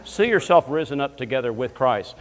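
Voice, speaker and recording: Animated preacher in a reverberant church. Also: male voice, mid-range voice, fairly quick. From Alabama, US South. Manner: storytelling with bursts of shouting praise. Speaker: guest minister. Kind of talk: lively comedic sermon. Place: church sanctuary. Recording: long church hall reverb.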